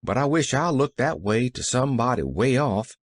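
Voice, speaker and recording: A man's voice: medium pitch, animated, moderate pace, no echo, natural voice. A man voicing a poor, proud country boy speaking in folksy dialect. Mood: wistful.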